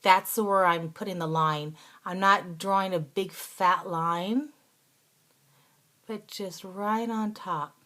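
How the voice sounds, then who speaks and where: A woman hosting a casual makeup tutorial, talking through each step in an instructive, chatty way and now and then dropping into soft asides. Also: lowish voice, fairly even intonation, takes it slowly. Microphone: phone or camera close by.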